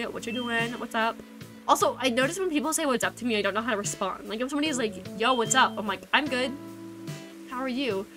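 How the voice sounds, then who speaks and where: A young woman streaming a game, chatting casually with viewers in a rambling, giggly way that keeps breaking off mid-thought. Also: on the high side. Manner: rambling, giggly, self-interrupting. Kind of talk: casual live-stream chat. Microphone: desk microphone. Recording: game music playing behind. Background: game music.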